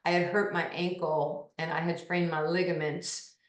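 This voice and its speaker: In an echoey room, a sixties-aged woman from New York, known as a basketball pioneer, shares lively anecdotes during a storytelling interview. Speaking at a normal speed in a slightly low voice, she acts out the voices of those she quotes.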